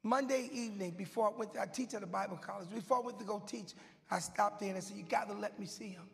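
A man preaching a sermon as he tells a story, swinging from hushed whispers to loud shouting, with a loud, goofy manner. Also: sits high, quick pace, gravelly. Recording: long hall reverb with faint music.

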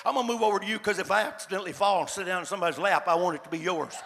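An older man with a drawl tells a sermon story in a folksy, repetitive way, stumbling over his restarts. His voice sits high and bright with a gravelly edge. It echoes with a long reverb, as if he were in a large church hall. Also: racing, hardly any pauses, slight background noise. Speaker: preacher.

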